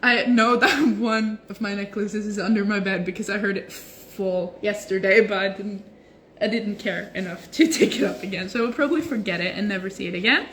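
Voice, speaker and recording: A woman's voice: mid-range voice, moderate pace, a little hiss or hum. A young woman hosting a casual livestream from home on her phone, chatting easily with lots of "like" fillers as she answers viewer comments. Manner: relaxed and chatty, many "like" fillers. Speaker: livestream host. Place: at home while stretching.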